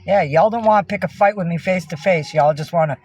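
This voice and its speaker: A woman on a casual livestream who swings between angry, profane ranting at her viewers and soft baby talk to her cats, speaking from inside a minivan. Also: fairly low pitch, quick pace, husky, soft background music.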